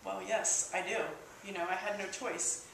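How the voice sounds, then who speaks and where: A woman sharing a personal testimony at church, in a halting, emotional way with many restarts. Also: mid-range voice, fairly even intonation, vocal fry, fairly bright tone. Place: church hall. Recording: echoey hall, distant mic, faint hiss.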